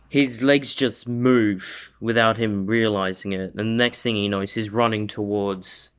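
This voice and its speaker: Slow, rambling male storyteller. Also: fairly low pitch, fairly bright tone, clean tone. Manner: rambling, full of "like" and restarts. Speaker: video host. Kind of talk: casual fan-story retelling.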